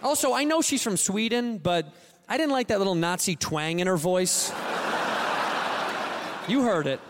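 High-pitched ranting comedian man. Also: measured pace, very noisy. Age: 30s. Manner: ranting, exasperated, swings loud. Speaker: stand-up comedian. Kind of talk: stand-up comedy set. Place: theater stage with audience.

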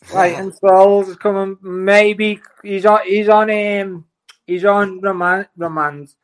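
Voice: mid-range voice, steady tone, slow, clean tone. A person hosting a casual live stream, making short, laid-back remarks and announcements.

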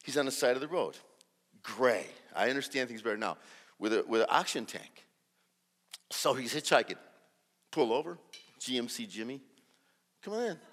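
A man giving a sermon as a guest preacher, telling a story and acting out the dialogue with lively energy and many restarts. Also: mid-range voice, moderate pace, long pauses, big-room sound. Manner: animated, acts out dialogue, restarts often. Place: large church hall.

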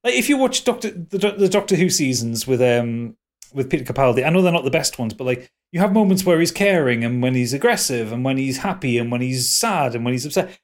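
A man's voice: mid-range voice, lively intonation, a little fast. A man with a Geordie accent chatting casually on a podcast, rambling with lots of ums and restarts and swearing freely. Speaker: podcast co-host.

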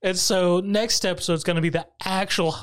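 A podcast host recapping an anime episode in casual chat, animated and often laughing, with sudden high-pitched jumps when amused. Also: moderate pace, clear, resonant tone.

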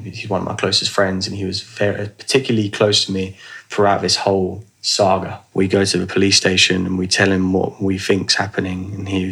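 A man's voice: fairly low pitch, creaky, fairly bright tone. A young man telling a personal story in a rambling, casual way, with restarts and swearing. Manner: rambling, restarts, swears, acts out others' lines.

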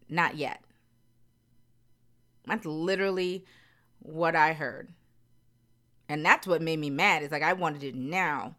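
A woman with a low, deep speaking voice talks straight to her viewers in a candid vlog. She is earnest and emphatic and repeats phrases to drive her point home. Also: fairly bright tone. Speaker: vlogger. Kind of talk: candid personal talk to viewers.

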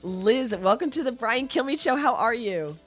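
A woman's voice: fairly high pitch, expressive, normal speed, slightly rough, soft background music. A woman hosting a talk radio show while nursing a cold, chatty and given to restarting her sentences. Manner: warm, chatty, self-correcting. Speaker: guest radio host.

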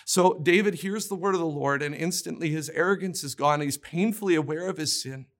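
A man's voice: fairly high pitch, a little fast. A man preaching a sermon in an earnest, emphatic way, often restarting his words as he pushes a point home. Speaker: pastor.

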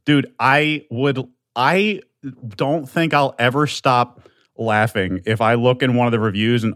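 A man's voice: mid-range voice, measured pace, fairly bright tone, no room sound, studio quality. A man hosting his own podcast alone, rambling and swearing, with many restarts and filler words, pleading earnestly with his listeners. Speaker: podcast host. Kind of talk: solo podcast monologue.

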